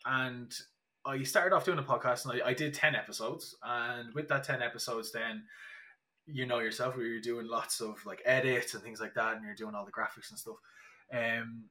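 Young irish guy chatting on a podcast, bright forceful voice, keeps restarting his sentences, lots of "like". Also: mid-range voice, fairly even intonation, normal speed. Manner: chatty storyteller, many restarts and fillers. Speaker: podcast guest. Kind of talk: casual podcast chat.

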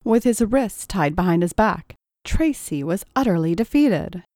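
Slow, expressive woman narrating a story. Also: medium pitch, no room sound, clean studio sound. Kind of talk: audiobook narration.

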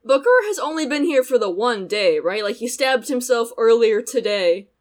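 Chatty woman with a higher voice. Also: very animated, moderate pace. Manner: chatty, laughs often, many "like" fillers. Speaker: podcast co-host. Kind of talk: casual chat recapping an anime.

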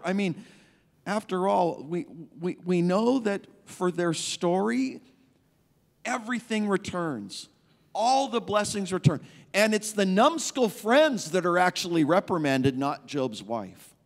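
Slow-speaking male pastor in a reverberant hall. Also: high voice, expressive, gravelly. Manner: conversational, emphatic preaching with repeated phrases. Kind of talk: sermon. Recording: long reverb of a large hall.

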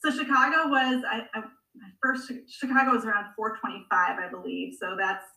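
A woman in her forties, a guest on a podcast, telling her story in a chatty, animated way with frequent laughs. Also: a little high, a little fast, vocal fry, distant mic. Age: 40s. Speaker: guest, amateur marathon runner. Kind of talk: conversational podcast interview. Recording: echoey room, voice a bit off-mic.

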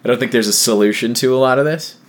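A man's voice: mid-range voice, fast. A man hosting a casual podcast discussion about albums, thoughtful and steering the talk. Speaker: podcast host.

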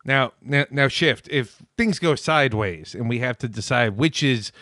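A man's voice: mid-range voice, animated, normal speed, bright, forceful tone, dry recording. A man playing in a comedic tabletop game, with a dry, sarcastic, mock-formal manner. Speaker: player. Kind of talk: casual comedic role-play chat.

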